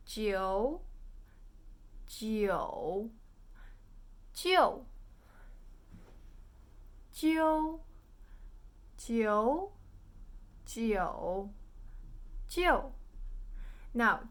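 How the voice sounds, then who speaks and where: Woman language teacher, unhurried, pitched a little high, patient drilling of sounds for beginners. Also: a bit bright. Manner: patient, drills tones aloud.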